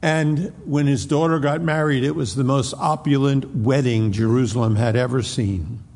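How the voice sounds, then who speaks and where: Gravelly husky preacher in a reverberant hall. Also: male voice, mid-range voice, steady tone, normal speed, darkish tone. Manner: storytelling, frequent restarts, acts out quotes. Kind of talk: expository sermon.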